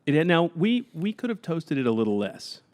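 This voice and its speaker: Lively, teasing young man laughing along. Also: on the high side, fairly quick. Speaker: podcast co-host. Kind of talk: casual comedic chat.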